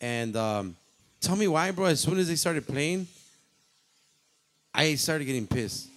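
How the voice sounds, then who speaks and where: A man's voice: a little high, lively intonation, measured pace. A man in his thirties in a loose, profane chat, mixing English with Spanish slang and getting worked up. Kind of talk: casual chat.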